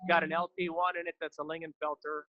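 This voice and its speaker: A man's voice: a little high, flat delivery, fast, dry recording, lo-fi sound. A middle-aged man walking through a car build in his workshop, listing the parts in short, matter-of-fact phrases. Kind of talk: casual walkthrough explaining a build.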